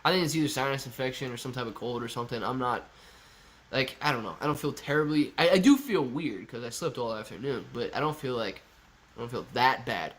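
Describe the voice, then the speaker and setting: A man's voice: mid-range voice, animated, fairly quick, fairly bright tone. A man hosting a live stream, chatting casually and reading viewer comments aloud, his voice stuffy and congested from a cold. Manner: reads chat comments aloud, joking and chatty. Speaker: livestream host.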